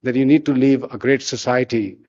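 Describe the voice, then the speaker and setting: An older man with an Indian English accent, a business leader giving a formal conference speech in measured, emphatic short phrases from a podium. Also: medium pitch, steady tone, darkish tone, lo-fi sound. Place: large conference hall.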